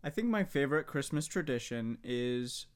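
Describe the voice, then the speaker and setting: A man's voice: medium pitch, lively intonation, moderate pace, smooth. A man chatting as a guest on his spouse's podcast, dry and teasing. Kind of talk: casual chat.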